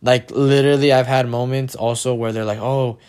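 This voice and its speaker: Young man, casual rant, heavy swearing, mocking impressions, mid-pitched voice. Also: steady tone, fairly quick, a little mellow, clean tone. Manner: profane, exasperated, mimics people in raised voices. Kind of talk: casual ranting monologue.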